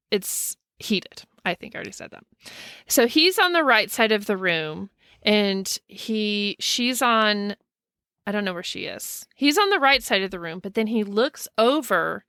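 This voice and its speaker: A woman casually telling a ghost story as a podcast co-host, animated and acting out the people she quotes. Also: clear, resonant tone, dry recording, clean studio sound. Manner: animated, acts out quoted people with pitch swings.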